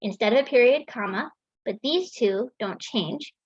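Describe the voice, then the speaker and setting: A woman's voice: on the high side, animated, normal speed, breathy edge, no room sound. A woman teaching a writing lesson, explaining patiently with frequent ums and restarts. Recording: dull, lo-fi sound in a dry room.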